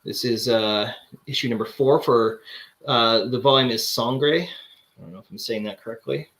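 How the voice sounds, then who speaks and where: A man's voice: medium pitch, normal speed, a bit bright. Rambling man chatting about comics. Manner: rambling, many fillers and restarts. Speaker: comic collector host. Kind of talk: casual chat showing comics.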